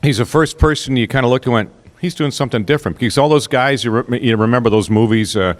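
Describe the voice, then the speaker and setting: A man on a convention panel, a voice actor speaking reflectively and slipping into quick character voices. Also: medium pitch. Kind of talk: relaxed panel talk.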